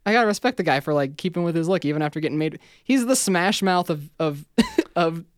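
A man's voice: on the high side, a little fast, clean tone, dry recording, clean studio sound. A man co-hosting a casual podcast chat, talking with lots of "like" and frequent laughter. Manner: animated, laughs often, heavy use of "like".

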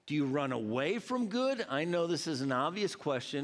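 A man from Georgia preaching a sermon, telling animated stories and acting out quoted voices. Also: on the high side, normal speed, few pauses. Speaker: pastor. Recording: long hall reverb.

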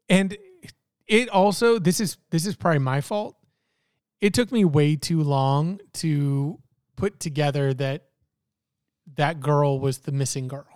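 A man's voice: on the high side, a little mellow, smooth, no room sound, clean studio sound. A man co-hosting a casual podcast about a TV show, thinking aloud with lots of fillers and restarts. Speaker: podcast co-host. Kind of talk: casual TV discussion.

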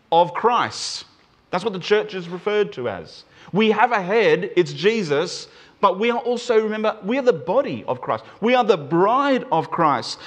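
Animated man preaching with lively pitch. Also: muffled recording. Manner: animated, emphatic, shifts pace and pitch for emphasis. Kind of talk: sermon.

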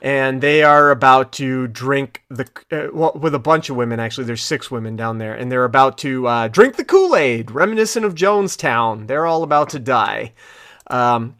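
A man's voice: mid-range voice, expressive, moderate pace, fairly bright tone, dry recording, studio quality. A man co-hosting a podcast, recapping an episode in loose, rambling casual chat full of fillers and restarts. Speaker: podcast co-host.

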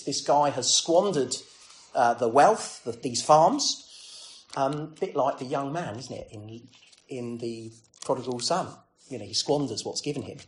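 A man's voice: mid-range voice, a little hiss or hum. A man preaching a sermon in a conversational way, full of rhetorical questions and self-deprecating asides.

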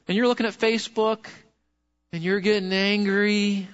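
Male pastor, sermon, animated and chatty, somewhat muffled lo-fi recording. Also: high-pitched, normal speed, clear, resonant tone. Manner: lively, conversational, asks the congregation questions.

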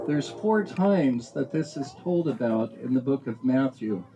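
Man, Bible teacher, slightly high voice, reads scripture and explains, rhetorical questions, faint background hiss.

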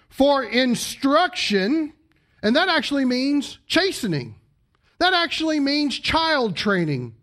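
Animated high-voiced man preaching. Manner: conversational, joking with the congregation; animated, with big swings in pitch and volume. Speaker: pastor. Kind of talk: sermon. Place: church service before a congregation.

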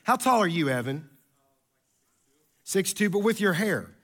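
Telling stories with animation and a conversational feel, a male pastor delivers his sermon. He speaks with a high-sitting voice at an unhurried pace.

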